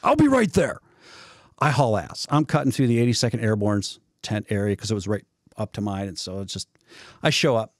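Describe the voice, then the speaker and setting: A man's voice: on the low side, brisk, dry recording, studio quality. A man telling a story in casual chat, acting out the voices of the people in it. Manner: animated storyteller, acts out voices. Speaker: guest storyteller.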